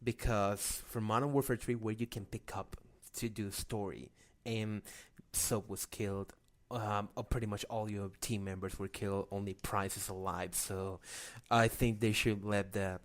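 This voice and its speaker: Halting male podcast co-host. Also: on the low side, fairly even intonation. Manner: halting, stumbles and restarts often. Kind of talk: casual gaming chat.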